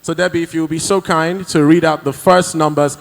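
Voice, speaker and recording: A man's voice: a little high, fairly even intonation, a little fast, vocal fry, background noise. A man hosting a live prize draw in a large hall, hyping the crowd as he calls out numbers. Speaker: event host.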